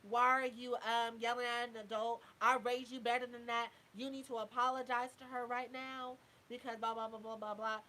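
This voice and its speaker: A woman's voice: a little high, flat delivery, moderate pace, hardly any pauses, pushed and bright. A woman quoting her stern middle-aged father as he scolds her, in her own voice. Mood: scolding.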